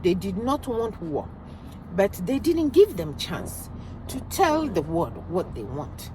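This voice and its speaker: Impassioned Nigerian woman, lively ranting voice. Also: mid-range voice, slow, noisy background. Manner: emphatic, ranting, loud outbursts. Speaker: vlogger commenting on news. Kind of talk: impassioned commentary vlog.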